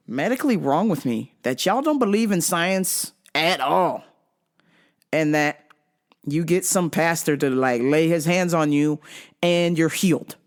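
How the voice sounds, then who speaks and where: A woman hosting a podcast, telling a comic story in an animated, profane way and laughing often. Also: on the low side. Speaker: podcast host. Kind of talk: casual comedic storytelling.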